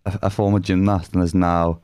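Fast-talking bantering male co-host. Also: low-pitched, level tone, a little mellow, clear, resonant tone. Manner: teasing, banter-heavy, swears freely. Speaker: podcast co-host. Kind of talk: casual chat.

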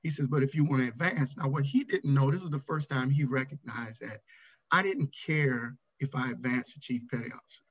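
Middle-aged ex navy chief, candid storytelling, gets fired up, kinda muffled lo-fi sound. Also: male voice, mid-range voice, a little fast, breathy edge. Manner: candid, animated when retelling his anger. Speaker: retired navy command master chief, podcast guest. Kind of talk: storytelling in a casual interview.

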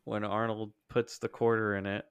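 A man talking as a guest on a podcast, animated and joking, swearing freely in casual chat. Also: fairly low pitch, moderate pace, smooth, no room sound.

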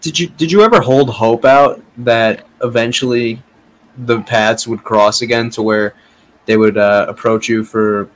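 A man's voice: medium pitch, fairly even intonation, measured pace, a little hiss or hum, poor audio. A man hosting a podcast, asking his guest an easygoing question. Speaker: podcast host. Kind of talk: casual interview questions.

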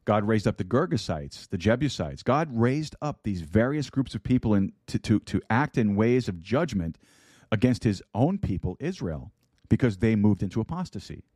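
Man preaching, low mellow voice, dry close sound, repeats words, asks listeners questions. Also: sing-song, normal speed, breathy edge, dry recording. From United States. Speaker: pastor. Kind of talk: sermon. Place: online broadcast with a chat room.

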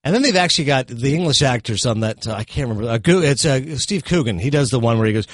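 A man's voice: medium pitch, dry recording. Chatty man reviewing films, dry sound. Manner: chatty, animated, quick asides and self-corrections. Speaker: film reviewer on a talk show. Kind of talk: casual film review chat.

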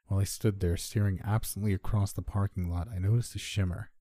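In scripted first-person horror narration, a man speaks in a low, husky voice, measured and subdued, with a steady tone. His delivery is dark and mellow, and the recording sounds close and dry with no echo.

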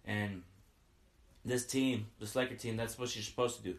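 A man runs through a game recap the way an eager fan does, piling up stats and asking "you know what I mean?" again and again. His voice sits fairly low. He speaks in a room with a clear echo. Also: fairly even intonation, normal speed. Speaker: sports podcaster recapping a game.

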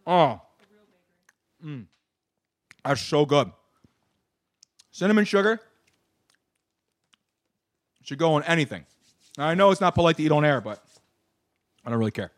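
A man's voice: on the high side, expressive, a little slow, pauses often. A man hosting a radio talk show, brash and profane in casual banter.

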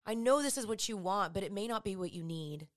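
A woman voicing Jesus as a gentle, comforting man who speaks softly and reassuringly. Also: medium pitch, animated, a little fast, close to an everyday voice. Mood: tender. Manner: soft, tender, reassuring.

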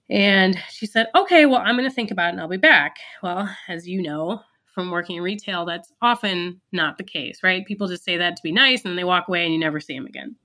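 Bright-voiced woman telling a founder story. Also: lowish voice. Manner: earnest, reflective, with fillers and restarts. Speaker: business founder guest. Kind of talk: storytelling interview answer.

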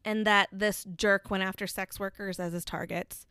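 A woman's voice: mid-range voice, steady tone, moderate pace, bright, forceful tone, smooth, no room sound. Chatty playful woman podcast co-host. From Kansas City area, USA. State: out of breath. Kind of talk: casual chat.

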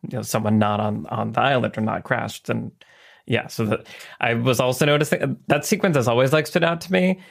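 A man co-hosting a podcast, talking in a relaxed, hesitant way in casual chat. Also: mid-range voice, a little fast, gravelly. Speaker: podcast co-host.

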